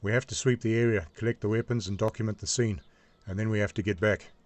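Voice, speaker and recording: A man in his sixties, a veteran telling a vivid first-person war story in a measured, present-tense way. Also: lowish voice, steady tone, a little mellow, dry recording.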